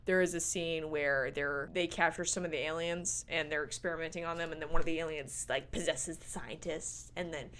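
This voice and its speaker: A woman's voice: low-pitched, steady tone, a little fast, hardly any pauses, a bit bright, slight background noise. Playful, sarcastic young woman vlogger. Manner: playful, sarcastic, swears casually. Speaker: movie review vlogger. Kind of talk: casual movie review.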